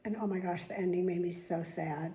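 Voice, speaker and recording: A woman's voice: on the low side, steady tone, a little fast, warm tone. A middle-aged woman chatting casually in a daily vlog, rambling and candid, with the odd swear word. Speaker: vlogger.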